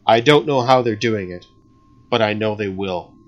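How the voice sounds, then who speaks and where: A man voicing a driven young son with powers who speaks flatly and ominously. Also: lowish voice, normal speed, highs cut off, lightly acted.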